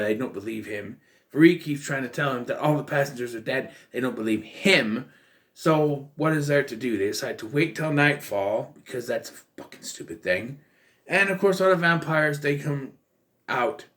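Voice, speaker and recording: A man's voice: mid-range voice, fairly bright tone. A man in his thirties giving a casual, exasperated and blunt film review, with bursts of profanity. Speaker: movie reviewer.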